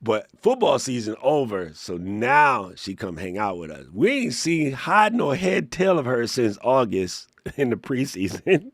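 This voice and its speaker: A man hosting a live Q&A stream, playful and joking, chatting to viewers in a slightly hoarse voice. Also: mid-range voice, sing-song, unhurried, dry recording, studio quality. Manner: playful, joking, laughs often, reads chat aloud. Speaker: livestream Q&A host. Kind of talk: casual live-stream chat.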